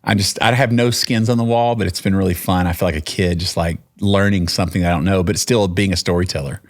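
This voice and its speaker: A low-pitched man with a Texan accent tells a story in relaxed podcast chat. He wanders, restarts sentences and slips into quoting people as he goes. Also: fast talker. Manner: rambling, with many restarts and quoted dialogue. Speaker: podcast guest, singer-songwriter. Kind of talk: casual storytelling.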